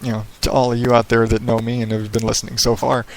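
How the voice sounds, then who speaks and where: A man talks on his own podcast in an easygoing, rambling way, swearing now and then, with a practiced radio-style delivery. His voice sits at an ordinary pitch and has a gravelly edge. He speaks into a headset mic in a small home office with hardwood floors that echoes. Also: flat delivery, fast talker. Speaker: podcast host. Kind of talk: casual solo podcast monologue. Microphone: headset microphone.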